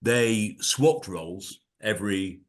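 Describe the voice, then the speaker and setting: A man on a rugby podcast panel making a point in a measured, unhurried way. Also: lowish voice. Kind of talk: podcast discussion.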